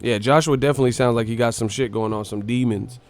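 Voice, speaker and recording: A man hosting a live stream, giving casual boxing commentary in a profane, animated, mocking rant. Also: medium pitch, fast talker, faint music behind. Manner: profane, animated, mocking ranting with frequent laughs.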